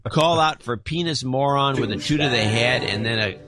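A man's voice: mid-range voice, normal speed, a crowd in the background. A man co-hosting a podcast, reading listener donations aloud with dry, wry asides in casual chat.

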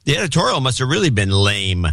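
A man's voice: mid-range voice, big pitch swings, fast, gravelly, fairly bright tone, dry recording. A man co-hosting a podcast, chatting casually with dry sarcasm. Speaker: podcast co-host. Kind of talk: casual chat.

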